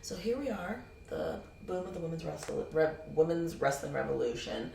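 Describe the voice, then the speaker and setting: A playful, talkative woman conducts a casual interview. Her voice sits fairly low but swings widely in pitch. She is recorded from a distance in an echoey convention hall with faint ambience behind her. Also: big pitch swings, moderate pace, vocal fry, a little mellow, slight background noise. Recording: roomy echo from a distant mic.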